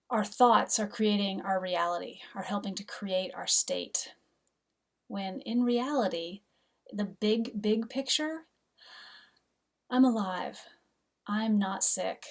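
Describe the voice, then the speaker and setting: Gentle, earnest woman giving self-help talk. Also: mid-range voice, recorded from a distance. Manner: gentle, earnest, drops into soft whispers at times. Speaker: host, mother and coach.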